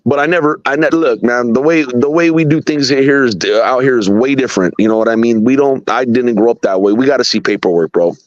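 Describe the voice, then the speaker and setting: A man's voice: medium pitch, fairly quick, few pauses, no echo, lo-fi sound. A man talking bluntly and profanely as a guest on a live stream show. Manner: blunt, profane street talk. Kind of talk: casual chat.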